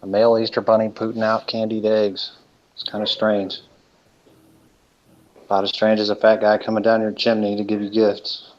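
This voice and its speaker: Male co-host, low and monotone, rambling casual live-stream chat. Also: moderate pace, pauses often. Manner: rambling, hesitant, with many fillers. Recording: dull lo-fi stream audio.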